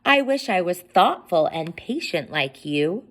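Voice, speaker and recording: A woman's voice: fairly low pitch, very animated, a little slow, fairly bright tone, full character voice. A woman reading a storybook, voicing a cheerful, eager egg boy who pleads and invites friends. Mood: friendly.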